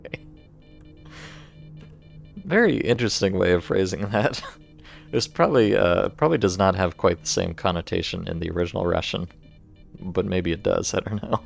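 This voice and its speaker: A man's voice: low voice, moderate pace, creaky, long pauses, soft background music. An American man streaming a video game, commenting with dry, sarcastic asides and reading in-game text aloud.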